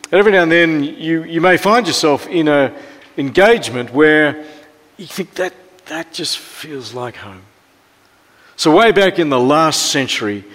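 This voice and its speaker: Australian pastor preaching in a reverberant church. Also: male voice, medium pitch. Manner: storytelling, often dropping to a soft hush. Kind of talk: sermon.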